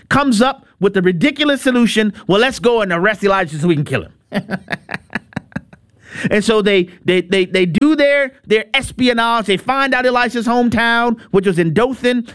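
A man preaching on a radio appeal, emphatic and animated, often repeating words in quick bursts and making playful asides. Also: sits high, clear, resonant tone, no room sound, studio quality.

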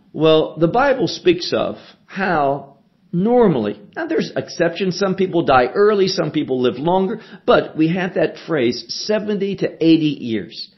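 A man in his sixties preaches in a slow, deliberate way, pressing each point with earnest emphasis. His voice sits a little high for a man, and the broadcast sound is dull and lo-fi. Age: 60s. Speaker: Bible teacher. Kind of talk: radio sermon teaching.

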